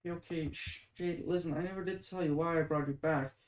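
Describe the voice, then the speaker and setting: Reader doing a young woman, guilty and pushy, coaxing, pitched a bit higher, echoey room. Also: a little mellow, lightly acted. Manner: urgent, coaxing, apologetic. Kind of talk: dramatic reading of a webcomic. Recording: roomy echoing room.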